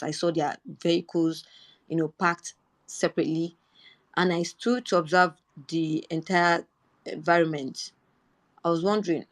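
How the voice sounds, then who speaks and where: A young Nigerian woman with a Nigerian accent, telling a personal story in earnest in a live audio chat. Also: lowish voice. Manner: earnest storytelling, rising indignation when quoting herself. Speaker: Twitter Space speaker.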